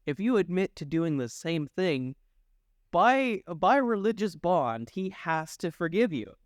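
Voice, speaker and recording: A man banters as a podcast co-host, wry and teasing, with a fairly high voice that moves widely in pitch. The recording is dry and close. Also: big pitch swings, a little slow, no room sound. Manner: wry, teasing, laughs along. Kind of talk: casual chat.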